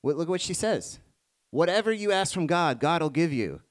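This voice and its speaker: A man preaching a sermon to a congregation, moving between hushed reflective passages and rising emphatic ones. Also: fairly high pitch, sing-song, moderate pace. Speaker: pastor.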